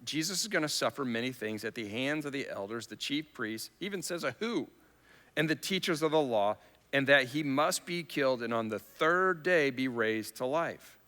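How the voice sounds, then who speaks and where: Bright-voiced preacher in an echoing hall. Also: male voice, mid-range voice, lively intonation, normal speed. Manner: conversational preaching, acts out Bible quotes with rising intensity. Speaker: pastor. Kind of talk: sermon. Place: church hall. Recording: long church hall reverb.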